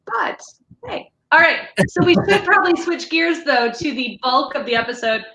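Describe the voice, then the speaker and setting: A woman's voice: high voice, animated, normal speed, sharp tone, echoey room, poor audio. A woman co-hosting a podcast in casual chat, enthusiastic and steering the talk along. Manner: chatty and enthusiastic, steering the conversation. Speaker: podcast co-host.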